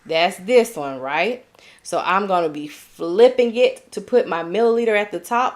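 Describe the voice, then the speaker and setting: A young Southern woman runs a live tutoring stream for nursing students. She sounds upbeat and chatty, drawing out her explanations and checking in with "okay?" Her voice sits at an ordinary middle pitch. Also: animated, moderate pace. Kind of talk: live-streamed tutoring, reading chat comments.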